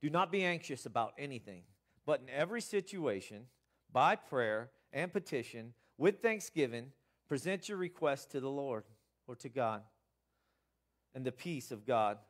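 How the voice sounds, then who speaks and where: Earnest man preaching with swings in volume. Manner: earnest, rising to emphatic bursts then dropping low. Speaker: pastor. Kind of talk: sermon.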